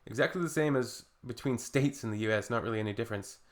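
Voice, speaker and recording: A man's voice: medium pitch, quick pace. A man hosting reaction commentary in a sarcastic, mocking way. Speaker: reaction video host.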